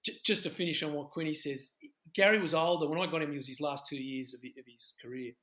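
A middle-aged Australian man, a former rugby head coach, talking in a halting, reflective way on a podcast. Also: fairly high pitch, steady tone, a bit bright. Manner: halting, many restarts, reflective. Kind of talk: podcast discussion.

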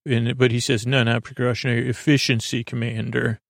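A man ambles through a sleepy retelling of an episode, circling back and tripping over his own sentences. His delivery stays level, with a gravelly texture. It sounds close and dry, with no room around it. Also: medium pitch, little pitch movement, fairly quick, no echo. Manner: meandering, loose retelling with many fillers and restarts. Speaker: podcast host. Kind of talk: rambling episode recap for sleep.

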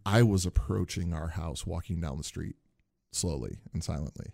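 A man chatting casually on a podcast and telling an animated story, acting out the people in it. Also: low voice, normal speed, vocal fry, no room sound, clean studio sound. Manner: animated storyteller, acts out quoted voices.

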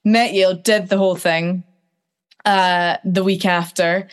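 A woman's voice: fairly low pitch, measured pace, smooth. Chatty woman telling stories. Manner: animated, acts out quotes. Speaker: guest. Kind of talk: casual storytelling.

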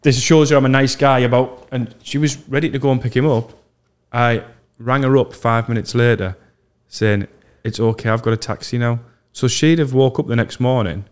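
A man's voice: mid-range voice, normal speed, few pauses, smooth. Young man telling prank stories. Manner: animated storyteller, mimics voices in his anecdotes. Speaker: podcast host. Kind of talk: casual chat, storytelling.

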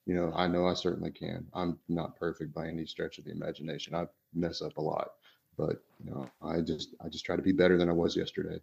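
Deep-voiced man, rambling podcast talk. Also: level tone, fast talker, gravelly, darkish tone. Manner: rambling, many fillers and restarts. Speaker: podcast co-host. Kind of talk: casual podcast discussion. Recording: dull lo-fi sound.

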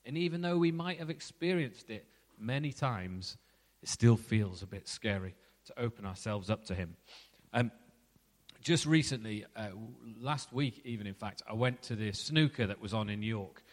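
A man's voice: on the low side, expressive, moderate pace, long reverb tail. A middle-aged man preaching a sermon in a conversational way, asking reflective questions.

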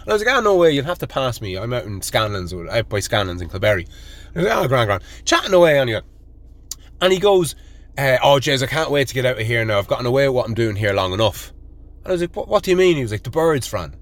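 An Irish man hosting a podcast, telling a rambling anecdote in a casual, animated way and swearing constantly. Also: medium pitch, quick pace. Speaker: podcast host. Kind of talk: casual storytelling monologue.

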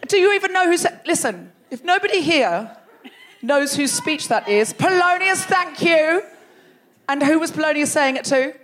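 A woman hosting a comedy podcast live on a theatre stage, teasing the audience in animated crowd work. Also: sits high, moderate pace. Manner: teasing, animated, laughing between jokes. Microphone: stage microphone.

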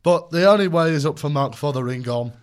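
A man's voice: a little high, fairly quick. A young man co-hosting a casual podcast chat, jokey and rambling with plenty of ums and restarts. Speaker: podcast co-host.

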